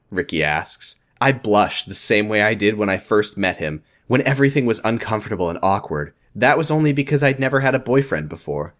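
A man's voice: on the low side, lively intonation, brisk, few pauses, fairly bright tone. A man co-hosting a podcast, reading fan fiction aloud in a dry, mock-dramatic way and chatting casually between lines. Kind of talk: casual comedic reading and chat.

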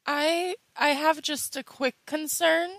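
A woman's voice: high voice, fairly even intonation, slow, vocal fry, a bit bright, no echo. A woman playing a tabletop role-playing game, playful and mischievous in her turns. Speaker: player. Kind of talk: casual tabletop play.

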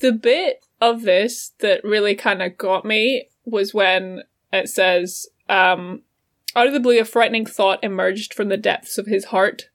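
A woman's voice: medium pitch, steady tone, unhurried. A woman in a casual book discussion who reads passages aloud and then reacts to them. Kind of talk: casual book-club chat.

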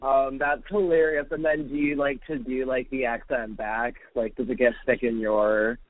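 A man's voice: medium pitch, level tone, normal speed, a little hiss or hum. A man in casual conversation, laid-back with dry teasing humor. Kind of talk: casual chat. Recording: tinny phone-like dry sound.

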